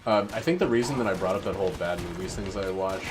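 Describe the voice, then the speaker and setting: A man with a very low voice gives casual, wry commentary while he plays a video game. He rambles and mutters asides to himself. Game music and gunfire play clearly behind him. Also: fast talker. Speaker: streamer playing a video game. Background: loud game music and gunfire.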